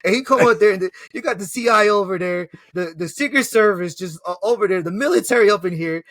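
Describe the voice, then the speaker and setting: A man casually recapping an action movie in an excitable, slangy, profane storytelling way. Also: high-pitched, quick pace, dry recording. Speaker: movie reviewer. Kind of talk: casual film recap chat.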